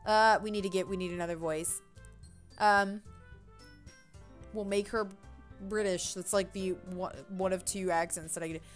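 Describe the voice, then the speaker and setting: A woman's voice: medium pitch, fairly even intonation, moderate pace, pauses often. A young woman giving rambling, self-deprecating commentary while playing a game. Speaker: let's play gamer. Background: faint game music.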